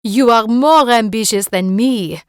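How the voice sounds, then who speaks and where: A woman's voice: medium pitch, sing-song, a little slow, no echo, studio quality. A woman voicing a friendly, cheerful female neighbor with a French accent. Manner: cheerful and gay.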